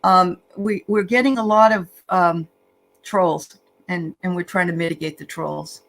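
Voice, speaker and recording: A woman's voice: on the low side, steady tone, a little slow, gravelly, a bit bright, a little hiss or hum, rough recording. A woman co-hosting a casual livestream, greeting viewers by name in a chatty way with frequent fillers. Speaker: livestream co-host.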